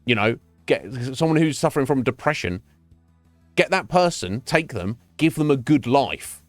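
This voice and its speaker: Profane, animated male streamer ranting. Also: medium pitch, no room sound. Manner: animated, profane, repeats words, laughs often. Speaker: livestreamer. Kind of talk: casual ranting chat while gaming. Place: home streaming setup.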